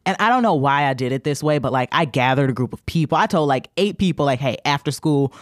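A young woman, a podcast guest, telling a long story in casual chat, animated and profane, acting out the people she quotes. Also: sits low, fast, no echo, studio quality.

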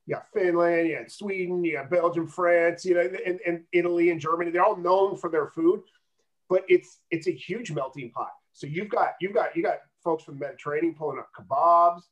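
A man's voice: fairly high pitch, a little fast. A man co-hosting a podcast, rambling and repeating words as he searches for them. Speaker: podcast co-host, coach. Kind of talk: casual podcast chat. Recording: dull lo-fi sound.

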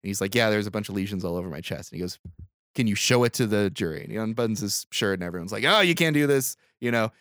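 A man's voice: lowish voice, very fast, no room sound, clean studio sound. A man casually retelling a movie scene by scene on a podcast, acting out the characters' lines with loose swearing. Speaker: podcast host. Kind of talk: casual movie recap chat.

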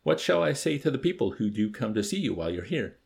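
Brief: literal-minded sergeant, male narrator putting him on, raised, gravelly voice. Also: mid-range voice, sing-song, quick pace, a little mellow, pitched above the performer's own voice. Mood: dutiful. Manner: prim, literal, deferential questions.

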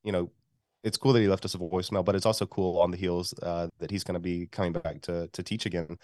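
A man's voice: low-pitched, little pitch movement, fast, mellow, no room sound, clean studio sound. A man co-hosting a church podcast, sick, talking in an easygoing, agreeable way. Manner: easygoing, agreeable, brief replies. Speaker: church communications director, podcast co-host. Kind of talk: casual chat.

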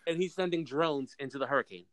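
Swearing freely, this podcast co-host animatedly retells a film's plot over a remote call. His voice is fairly high and his pace quick, with poor audio and no room sound.

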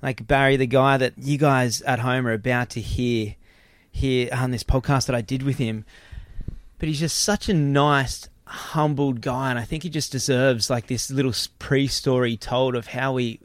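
A man's voice: mid-range voice, moderate pace, no room sound. Young guy rambling thru a story on his podcast, repeats himself, dry close sound. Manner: rambling, repeats words while telling a story. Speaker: podcast host. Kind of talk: casual storytelling chat.

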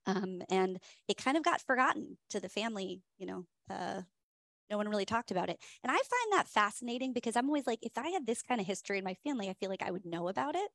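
Host: enthusiastic woman, chatty, lots of ums, mid pitch, dry sound. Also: sing-song, fast, creaky, a bit bright, no room sound. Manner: chatty, many "um" fillers, enthusiastic. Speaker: whiskey tasting host. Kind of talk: casual storytelling presentation.

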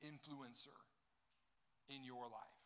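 Bright-voiced preacher man. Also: medium pitch, steady tone, slow pace. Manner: jokey, talks straight to a young crowd. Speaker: pastor. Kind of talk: sermon.

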